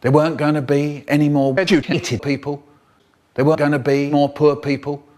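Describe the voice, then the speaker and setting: A man telling spliced comic stories in an animated way, jumping between voices. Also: fairly high pitch, fairly quick. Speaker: storyteller.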